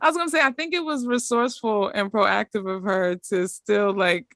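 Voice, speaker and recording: A woman's voice: mid-range voice, normal speed, a bit bright, no echo, clean studio sound. A young adult woman in casual podcast chat, recapping a movie with friends and laughing often. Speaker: podcast co-host.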